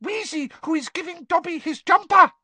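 A reader voicing an earnest male house elf in a squeaky, very high voice, eager, talking about himself in the third person and calling his listener sir. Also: moderate pace, pushed and bright, no echo, heavily acted. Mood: urgent. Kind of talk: audiobook character voice.

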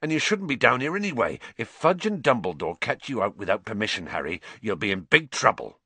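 A man voicing a huge, gentle groundskeeper who is grieving and shaken, halting and subdued. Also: lowish voice, very animated, breathy edge, no room sound, full character voice. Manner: halting and subdued, stumbling over words.

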